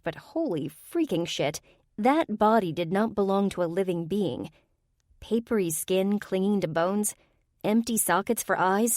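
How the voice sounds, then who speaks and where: A woman's voice: on the low side, a little mellow, no room sound, studio quality. A woman reading a first-person urban fantasy audiobook with a wry, comic delivery. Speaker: audiobook narrator.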